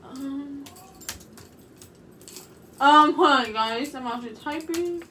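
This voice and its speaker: A young woman chatting to camera from her bedroom in a very high, bright voice. She rambles and circles back, tossing "you guys" into nearly every phrase. Her voice sits a little away from the mic. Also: slow, recorded from a distance, slight background noise. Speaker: vlogger. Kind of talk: casual chat to camera.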